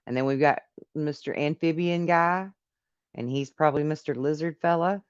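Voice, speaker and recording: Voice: mid-range voice, normal speed, smooth, dry recording, lo-fi sound. Jokey host reacting to a video. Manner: joking asides, reads text aloud with quips. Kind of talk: casual reaction commentary.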